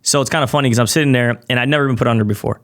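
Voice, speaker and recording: A man's voice: medium pitch, very fast. A man, a podcast guest, telling a personal story in casual conversation and acting out what other people said. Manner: animated, acts out quoted people.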